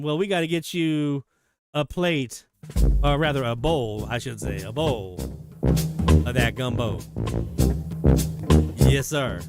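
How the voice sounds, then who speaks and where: A man hosting a live radio hobby show, chatting casually and enthusiastically as he reads out listener shoutouts. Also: medium pitch. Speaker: host of a radio hobby livestream.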